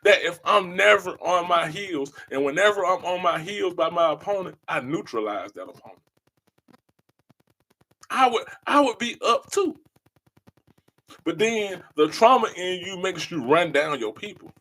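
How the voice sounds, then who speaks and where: A man with a notably high voice holds forth in a passionate podcast monologue. He preaches emphatically and circles back to the same phrases again and again, pressing each point home. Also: lively intonation, measured pace, sharp tone. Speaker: podcast host.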